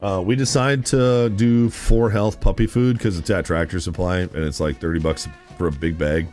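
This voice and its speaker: A man's voice: low voice, moderate pace, faint music behind. A man chatting casually with viewers on a gaming live stream, rambling through stories and blurting out reactions. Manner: animated, rambling storyteller who blurts out reactions.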